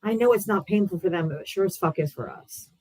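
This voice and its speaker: A woman's voice: fairly low pitch, fast talker, darkish tone. A woman streams live from a home setup, talking straight to her viewers. Her delivery is loose, profane and scornful. She keeps a heated, mocking edge as she vents. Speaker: live-stream political debate host. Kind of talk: casual livestream rant.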